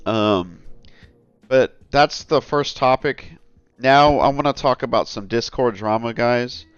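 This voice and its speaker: A man's voice: mid-range voice, slow, clear, resonant tone, no echo, lo-fi sound, soft background music. A man hosting a casual commentary vlog, talking in a rambling, earnest way and often calling his viewers "guys.". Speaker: channel host.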